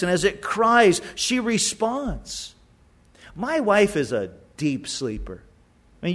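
A middle-aged male pastor preaching a sermon in a conversational way, often repeating words as he goes. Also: high-pitched. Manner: conversational, stumbling repetitions.

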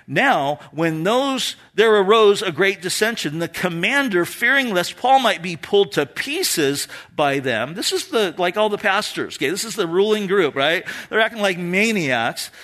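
A man's voice: sits high, sing-song, normal speed, hardly any pauses, fairly bright tone. A man preaching an expository sermon as a pastor, explaining scripture in a conversational way with asides to the congregation.

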